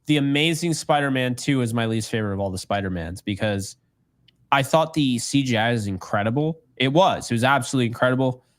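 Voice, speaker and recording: A man's voice: medium pitch, lively intonation, a little fast, no echo. A man co-hosting a casual podcast, joking and rambling, laughing often. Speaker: podcast co-host. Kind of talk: casual chat.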